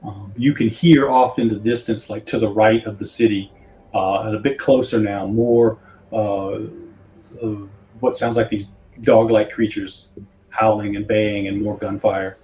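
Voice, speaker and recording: Low mellow-voiced man running a game. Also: steady tone, rough recording. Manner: halting, many fillers and restarts. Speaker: game master. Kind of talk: narrating a tabletop game.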